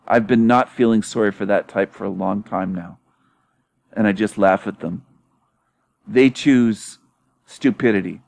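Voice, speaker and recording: A man's voice: lowish voice, unhurried, vocal fry, long pauses, a little mellow, no echo. A man hosting his own video channel in a casual monologue, mocking his critics with frequent laughter, swearing and emphatic repetition. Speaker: YouTube channel host.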